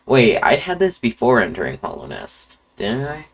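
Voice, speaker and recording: A man's voice: medium pitch, huge pitch swings, moderate pace, gravelly, few pauses. A man streaming a video game, talking to himself in offhand, mumbled remarks as he plays. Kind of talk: live gameplay commentary.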